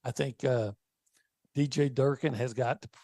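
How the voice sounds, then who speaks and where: A man's voice: mid-range voice, fairly even intonation, creaky, warm tone, no room sound, studio quality. A man co-hosting a sports radio show, breaking down the game with puns and careful, restarting sentences. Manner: wordplay, measured analysis with restarts. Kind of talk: casual sports radio chat. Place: radio studio.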